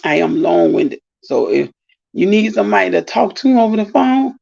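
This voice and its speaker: A middle-aged woman telling a long, animated story in a casual live-stream monologue, exclaiming and rambling. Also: medium pitch, moderate pace. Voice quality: gravelly, husky. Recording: dull lo-fi sound.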